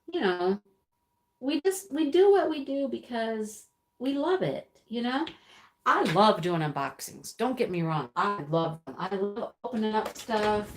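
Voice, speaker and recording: A woman hosting a casual live stream, chatting, laughing often and reading out viewer comments. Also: medium pitch. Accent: American. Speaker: livestream host. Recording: roomy echo.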